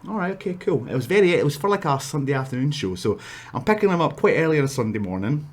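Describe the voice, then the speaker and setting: A man's voice: a little high, very animated, fast talker. A man with a Scottish accent casually telling a wrestling story, rambling with asides and restarts.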